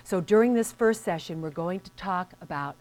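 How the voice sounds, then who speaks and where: A woman's voice: lowish voice, animated, moderate pace, darkish tone. A woman business coach giving a scripted motivational lesson, speaking earnestly and directly to the listener.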